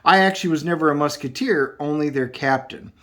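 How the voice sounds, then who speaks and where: A man's voice: a little high, fairly quick, bright, forceful tone. A man reading the lines of an older, scheming musketeer captain aloud in a plain voice while reviewing a comic.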